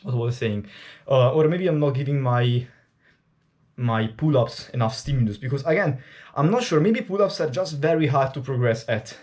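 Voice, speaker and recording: An Italian-accented man talks to his viewers while working out, loose and rambling, dropping casual swear words as he thinks aloud. His voice sits mellow and warm, never bright, at an ordinary middle pitch. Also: moderate pace. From Italy. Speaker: fitness vlogger. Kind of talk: casual chat to camera during a workout.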